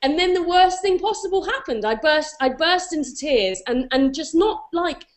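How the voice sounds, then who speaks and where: A woman's voice: very high voice, lively intonation, normal speed. A woman in her forties, a talk show guest, telling a self-deprecating story with many restarts and fillers. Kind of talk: animated anecdote on a talk show.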